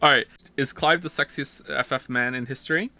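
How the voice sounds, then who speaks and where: A man's voice: mid-range voice, brisk, bright, forceful tone. A man streaming a game live, chatting casually, rambling and interrupting himself while reading chat aloud.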